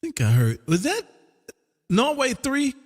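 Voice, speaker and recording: A man's voice: very high-pitched, huge pitch swings, a little slow, big-room sound. A man running his ham radio station from Texas, chatting casually and repeating his call sign, with "man" dropped into nearly every line. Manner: drawling, repeats phrases, says "man" a lot. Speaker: ham radio operator and stream host. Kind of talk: casual on-air radio chat.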